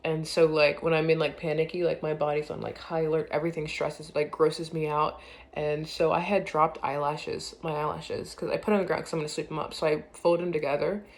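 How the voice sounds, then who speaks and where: Woman rambling on her vlog, lots of likes and ums, soft and trailing off, kinda gravelly fry in her voice. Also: low-pitched, level tone, fairly quick. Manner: rambling and hesitant, full of "like" and "um" fillers. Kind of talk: casual confessional vlog.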